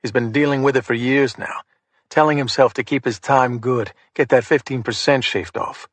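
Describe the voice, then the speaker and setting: A man narrating a crime thriller audiobook in the first person, in a measured, hard-boiled manner. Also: medium pitch, fairly even intonation, dry recording.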